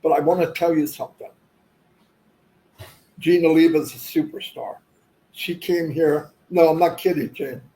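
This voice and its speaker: A man's voice: a little high, fairly even intonation, normal speed, long pauses, mellow, low-quality recording. A man chatting casually on a livestream, rambling and losing his thread, often moving on with "anyway". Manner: says "anyway" often to move on. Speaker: livestream host.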